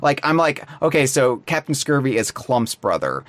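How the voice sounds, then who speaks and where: A man hosting a casual fan podcast, talking in an animated, emphatic way. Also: medium pitch, moderate pace, no room sound. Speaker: podcast host.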